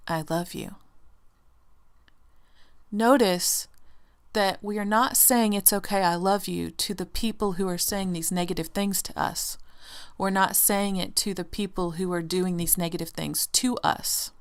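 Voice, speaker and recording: A woman hosting a motivational podcast, her voice sitting low and unhurried. She talks in an earnest, encouraging way and eases into soft, quiet affirmations. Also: smooth. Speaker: podcast host. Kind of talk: motivational self-help monologue.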